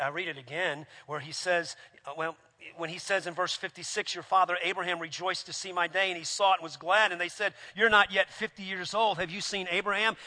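A man preaching a sermon with passion, dropping to a hush and then rising to shouts. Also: on the high side, long reverb tail. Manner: impassioned, swings from hushed to shouting.

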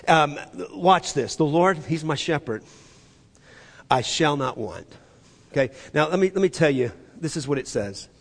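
A male pastor preaching a sermon to his church and leading the congregation in call-and-response, moving between loud emphatic passages and hushed, soft ones. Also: fairly high pitch, animated, unhurried. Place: church sanctuary. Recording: long hall reverb.

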